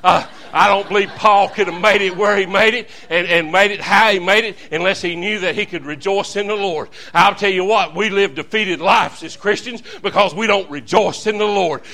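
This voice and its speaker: A man's voice: sits high, fairly even intonation, moderate pace, hardly any pauses, bright, forceful tone. A man preaching a fervent, folksy revival sermon as a visiting preacher, calling out to the congregation.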